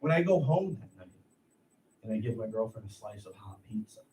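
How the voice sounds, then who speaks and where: A man in his thirties doing a profane, animated stand-up set on a comedy club stage. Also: on the low side, a little fast. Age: 30s. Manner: profane, animated, acts out voices. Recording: echoey room, heard from a distance. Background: audience laughter and room noise.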